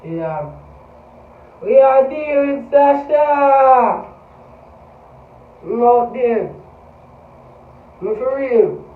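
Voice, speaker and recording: Jamaican man with a very high voice. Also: drawn-out words, pauses often. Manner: animated, swearing, repeats himself. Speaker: vlogger. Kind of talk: casual vlog monologue. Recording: echoey, far from mic, tinny phone-like sound.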